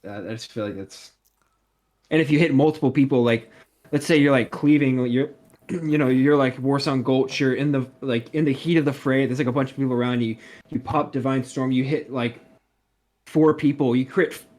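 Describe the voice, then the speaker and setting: A man's voice: medium pitch, fairly even intonation, moderate pace, darkish tone. A man who is a guest on a casual gaming podcast, with a mid-range voice. He talks eagerly, filling his sentences with "like" and "you know.". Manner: filler-heavy, enthusiastic, lots of "like".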